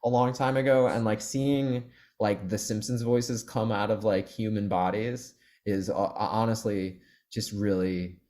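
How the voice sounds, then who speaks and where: A young adult man, a guest actor in a casual podcast chat, telling stories and acting out quotes in loud, high voices. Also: fairly even intonation, unhurried, hardly any pauses.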